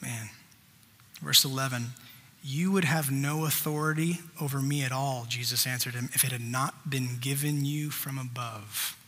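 A man's voice: medium pitch, moderate pace, bright, forceful tone, long reverb tail. A man preaching a sermon, reading scripture aloud and stopping to stress points with emphatic asides. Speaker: pastor.

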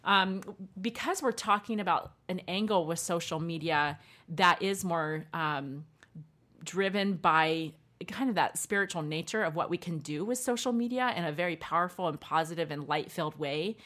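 Warm woman host, lowish voice. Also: moderate pace. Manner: warm, affirming, explanatory. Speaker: podcast host. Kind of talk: faith podcast chat.

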